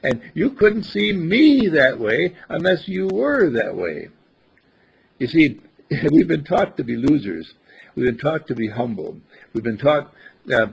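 An older man with a very husky, breathy voice talks about life in a casual, inspirational way. His pitch swings up and down with lively, chuckling energy as he acts out small conversations. The recording is dull and lo-fi. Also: unhurried. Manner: animated, chuckling, acts out little dialogues. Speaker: speaker giving life advice.

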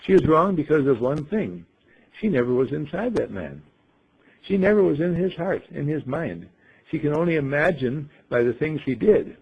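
Gravelly, husky man telling stories. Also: fairly high pitch, lively intonation, normal speed. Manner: rhetorical, playful, acts out stories. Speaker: speaker giving a talk. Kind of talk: storytelling talk. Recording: dull lo-fi recording.

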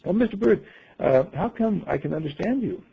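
A startled, chatty woman, high and excited, full of wonder, as a man acts her out. Underneath, the voice is gravelly and very husky. It comes through a dull, lo-fi recording. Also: brisk, heavily acted. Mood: astonished.

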